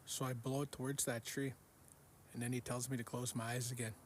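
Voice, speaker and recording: A man telling the story of a vivid dream in an unhurried, repetitive way, often going back over the same words. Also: mid-range voice, little pitch movement, a little hiss or hum. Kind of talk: recounting a dream.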